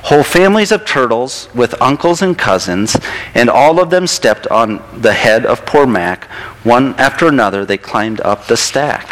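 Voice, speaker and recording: Relaxed conversational male pastor. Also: medium pitch, a little hiss or hum, rough recording. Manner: relaxed, self-deprecating, conversational. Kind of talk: sermon.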